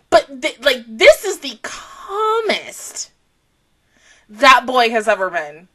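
A woman hosting an anime reaction, talking casually, swearing freely and swinging between soft musing and loud outbursts. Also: high voice, wildly swooping pitch, slow.

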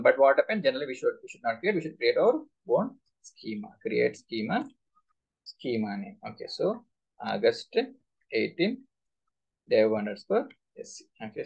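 A man teaches a live class, firing repeated questions at his students. His voice is gravelly and a little husky, with a lively, swooping pitch. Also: dull audio. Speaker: SQL instructor.

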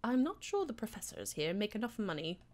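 A woman streaming a dating game, reading it aloud with sarcastic asides, frequent giggles and loud reactions. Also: mid-range voice, sing-song, fairly quick.

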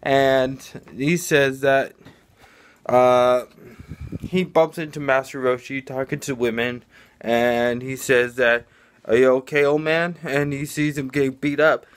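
A man's voice: medium pitch, fairly even intonation, slow, smooth. A man casually improvising a fan story, rambling, with many restarts and fillers.

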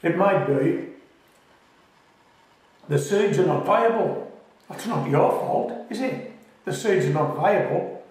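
A man from the United Kingdom hosts a gardening video in a relaxed, joking, reassuring way, now and then laughing at himself. His voice sits a little high. He sounds set back from the mic in a very echoey space. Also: takes it slowly, pauses often. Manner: talks with his mouth full at times. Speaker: gardening channel host. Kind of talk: casual friendly how-to talk. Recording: very echoey, voice from a distance.

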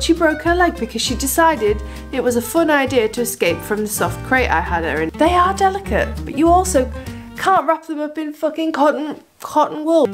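A woman chatting casually and playfully to her camera as a dog-owning vlogger, swearing often. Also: sits high. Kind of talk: casual vlog chat. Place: in a car and outdoors in snow. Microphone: handheld camera.

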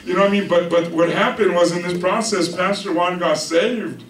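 A man's voice: sits high, fairly even intonation, moderate pace, fairly bright tone, far from the mic, a little hiss or hum. A male pastor preaching a chatty storytelling sermon, often checking in with his listeners. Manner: chatty, keeps asking "you with me?". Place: church sanctuary with congregation. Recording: echoey church heard from afar. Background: congregation answering amen.

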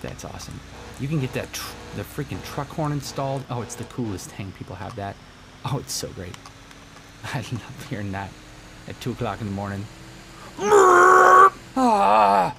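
Gravelly, excitable young gamer guy. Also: lowish voice, fairly quick, noisy background. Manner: excitable, goofy, often drops to a hushed half-whisper. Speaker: let's play gamer. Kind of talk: gameplay commentary.

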